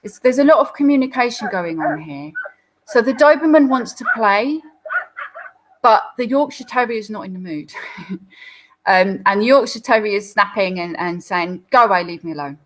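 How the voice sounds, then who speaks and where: A woman's voice: fairly high pitch, expressive, normal speed, poor audio. Chatty woman explaining dog behaviour. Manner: chatty, explanatory, frequent fillers. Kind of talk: live Q&A commentary on viewer photos.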